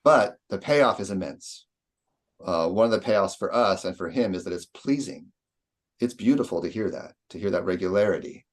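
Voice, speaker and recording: A man's voice: lowish voice, a little mellow. A man lecturing patiently on poetry, sounding out rhythms aloud as he explains.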